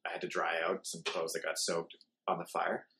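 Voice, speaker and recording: A man guest on a casual podcast, telling a story in a laid-back, halting way with lots of fillers. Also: low-pitched, monotone, pushed and bright.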